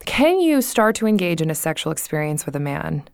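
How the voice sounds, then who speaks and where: Brief: young woman podcast co-host, lowish voice, frank and profane, dry close mic. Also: brisk, gravelly, clear, resonant tone, dry recording. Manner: blunt, profane, laughs often, animated retelling. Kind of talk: casual chat.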